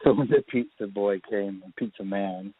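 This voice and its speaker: A man's voice: fairly low pitch, moderate pace, husky, no room sound. A man, a filmmaker guest, telling rambling anecdotes in a casual interview. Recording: tinny phone line.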